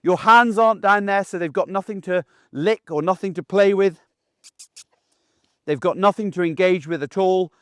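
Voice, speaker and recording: A man, a dog trainer giving a casual, animated lesson outdoors while acting out voices. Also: sits high, moderate pace, clean tone, dry recording, studio quality. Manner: chatty and animated, acts out the dog's and owner's voices. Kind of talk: casual instructional talk.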